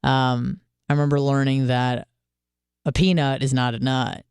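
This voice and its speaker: Young woman radio host, casual monologue, frank and foul-mouthed, smooth clear voice, dry close sound. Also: a bass voice, level tone, a little slow, a little mellow, no room sound. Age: 20s. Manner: candid, profane, self-deprecating storytelling.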